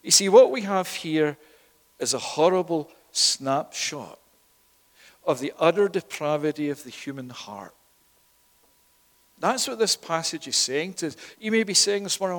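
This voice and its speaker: Preacher guy giving a sermon, highish voice, lots of hall echo. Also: expressive, measured pace, pauses often. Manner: emphatic, rising and louder at key points, with repeated words. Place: church. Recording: long echo of a church hall.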